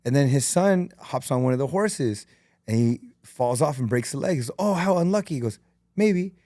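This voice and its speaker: A man who is a podcast guest and entrepreneur, telling stories in an earnest, animated and emotional way. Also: medium pitch, normal speed, no echo, clean studio sound. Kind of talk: emotional, candid conversation.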